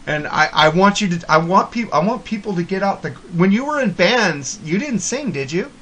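A man's voice: sits high, animated, moderate pace, a bit bright. A man talking casually and bluntly to a friend, swearing freely as he gives frank advice. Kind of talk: casual chat.

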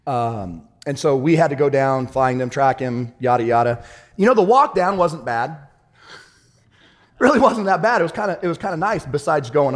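A man preaching a sermon, swinging from loud triumphant shouts to hushed, laughing storytelling. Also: a little high, lively intonation, moderate pace, long reverb tail. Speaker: pastor.

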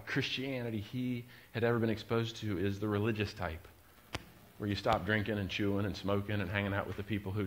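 A middle-aged man, preaching a sermon and telling a story, moving from quiet, confiding asides to loud, driving emphasis. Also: on the low side. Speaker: pastor.

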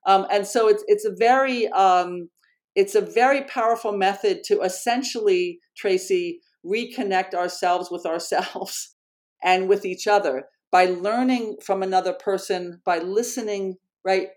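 A woman educator speaking in an interview, earnest and animated, often correcting herself mid-sentence. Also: mid-range voice, a little slow. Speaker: educator and program founder. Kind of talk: conversational interview storytelling.

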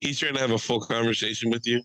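A man's voice: medium pitch, steady tone, fast talker, sharp tone, no echo, rough recording. A man co-hosting a casual podcast chat, joking, profane and teasing his friend. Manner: joking, profane, mocking put-on voices. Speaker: podcast co-host.

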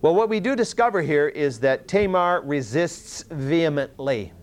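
A man teaching verse by verse through a Bible passage, explaining earnestly and reading Scripture aloud with emphasis, often pausing to correct himself. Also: fairly high pitch, expressive. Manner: self-correcting, with restarts and fillers.

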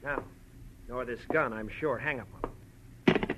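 A man's voice: medium pitch, slow pace, heavy background noise, natural voice. A man as a smug, menacing swindler. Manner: menacing, gloating. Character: scheming male swindler with a gun, cold and smug. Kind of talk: 1940s radio acting.

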